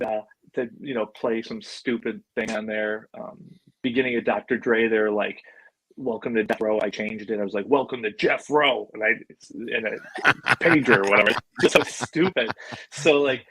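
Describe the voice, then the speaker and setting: Husky-voiced man telling lively stories. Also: fairly low pitch, no room sound, rough recording. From Buffalo, New York. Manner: animated, acts out quoted voices. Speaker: podcast guest. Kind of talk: casual storytelling.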